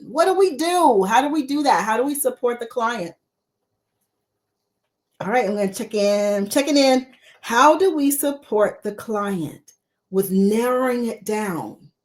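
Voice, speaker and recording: A woman's voice: a little high, darkish tone. A woman mentor coach teaching a live-streamed coaching lesson, repeating rhetorical questions to her viewers.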